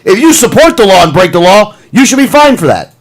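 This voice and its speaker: A man's voice: high-pitched, big pitch swings, a little fast. A male co-host bantering jokily about politics on a talk radio show, rambling and joking. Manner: rambling, jokey, breaks into bad impressions.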